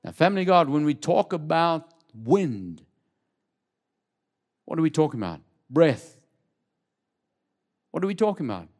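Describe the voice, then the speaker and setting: A man's voice: on the high side, very animated, darkish tone. A man preaching a sermon in church, reading scripture aloud and urging the congregation to answer him. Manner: preaching with call-and-response, dramatic slow emphasis. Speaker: pastor.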